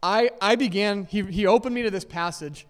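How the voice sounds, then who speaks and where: Guy preaching in a church, high voice, lots of "okay?" and "right?", long hall echo. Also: moderate pace, clear, resonant tone. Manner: conversational, many "okay?" and "right?" checks; laughs lightly between points. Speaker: pastor. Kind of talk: sermon. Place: church sanctuary with long reverb.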